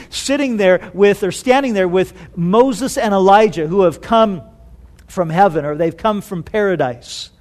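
A man preaching a sermon, telling stories with animated delivery and rhetorical questions. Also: sits high. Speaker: pastor.

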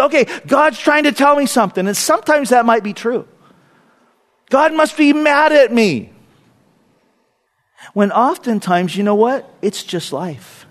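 High-pitched male preacher, middle-aged, dynamic delivery with sudden soft whispers. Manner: dynamic, swings from loud emphasis to hushed whispers. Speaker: pastor. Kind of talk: sermon.

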